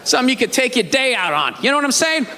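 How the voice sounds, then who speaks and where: A man doing a stand-up routine, ranting with mock outrage and bursts of shouting. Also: extremely high pitch, very animated, quick pace, background noise. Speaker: stand-up comedian. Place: theater stage before a live audience. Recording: live hall with crowd laughter.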